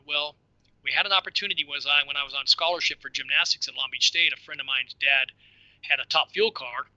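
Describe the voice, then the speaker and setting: Bright-voiced man spinning a lively yarn. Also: fairly high pitch, fast talker, dry recording, muffled recording. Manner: lively, laughing, self-deprecating storyteller. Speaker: podcast guest. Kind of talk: casual storytelling.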